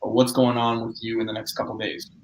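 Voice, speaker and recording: A man's voice: fairly low pitch, completely flat delivery, a little fast. A man hosting a casual live-stream chat, loose and chatty with lots of fillers. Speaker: podcast host. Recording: echoey room with faint noise.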